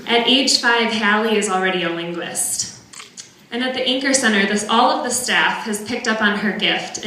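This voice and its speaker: A young woman from northern Wisconsin, a parent giving an earnest, measured prepared speech at a benefit dinner in a large banquet hall. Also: mid-range voice, bright, forceful tone. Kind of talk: prepared speech read aloud.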